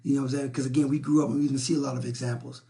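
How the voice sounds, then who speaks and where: Blunt, gravelly-voiced man on a live stream. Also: mid-range voice, level tone, racing, background noise. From South Side of Chicago, USA. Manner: blunt, preachy, repeats himself and stumbles over words. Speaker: relationship talk show host. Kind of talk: live-stream talk, reading and answering viewer comments.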